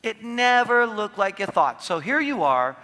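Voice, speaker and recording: A man giving a motivational seminar talk, animated and playful, acting out quotes in his stories. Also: high-pitched, unhurried, big-room sound. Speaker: seminar speaker. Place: large hall with audience.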